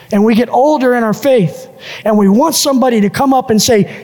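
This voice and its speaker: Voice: medium pitch, a little fast, darkish tone, big-room sound. A pastor preaching a sermon who builds each point through repeated lists and phrases.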